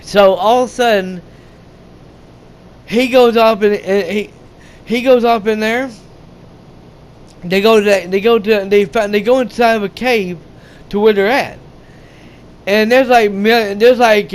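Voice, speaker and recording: A man retelling a movie's plot in a casual, halting, profane way, often restarting his sentences. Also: high-pitched. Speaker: gaming channel host.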